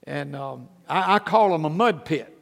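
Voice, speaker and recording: An older pastor tells stories from the pulpit in a folksy, self-deprecating way. His voice sits high and carries a gravelly edge. The sound rings with the long reverb of a large hall. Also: expressive, unhurried, fairly bright tone. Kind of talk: sermon.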